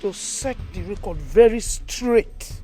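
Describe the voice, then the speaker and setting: A woman's voice: medium pitch, expressive, slow, warm tone. An actress with a Nigerian accent playing a defiant, mocking woman who taunts and provokes. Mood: taunting. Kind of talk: Nollywood film acting. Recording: film dialogue with faint music.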